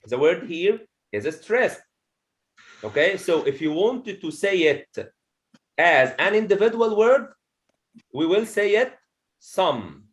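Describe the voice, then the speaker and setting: Slow, lively-pitched man teaching a class. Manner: slow, repeats each point, checks with "okay?". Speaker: English teacher. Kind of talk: classroom pronunciation lesson. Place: classroom with students.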